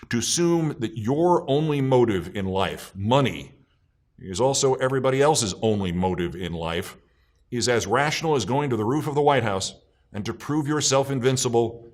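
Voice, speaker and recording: A man delivering scripted political commentary, emphatic and scornful, slowing down to stress key words. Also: on the low side, animated.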